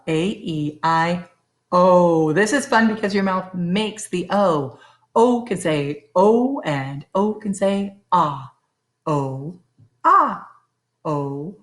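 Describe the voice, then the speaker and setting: A woman teacher giving a phonics lesson for young children, slowly and carefully sounding out letters. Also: mid-range voice.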